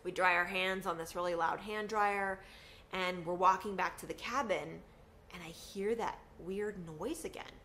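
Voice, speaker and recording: Animated woman telling a personal story. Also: moderate pace, a little hiss or hum. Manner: animated, acts out quotes with big pitch swings.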